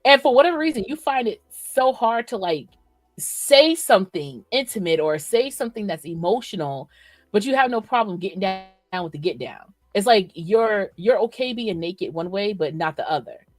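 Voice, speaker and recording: A woman's voice: mid-range voice, dry recording, soft background music. A female podcast co-host in casual chat, talking frankly and reacting with feeling. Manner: frank, expressive, quick to react.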